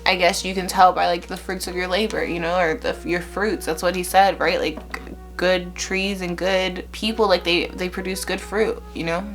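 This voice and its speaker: A woman's voice: fairly low pitch, level tone, normal speed, faint music behind. A woman hosting a casual Bible-reading vlog, chatty and slangy, laughing often between words.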